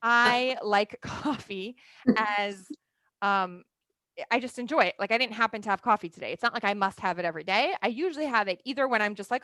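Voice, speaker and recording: A woman's voice: medium pitch, brisk, fairly bright tone, no echo. A woman in her thirties teaching a religious class in a conversational style, often checking in with "right?" and filling her talk with "like". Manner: chatty, often asks "right?" and leans on "like".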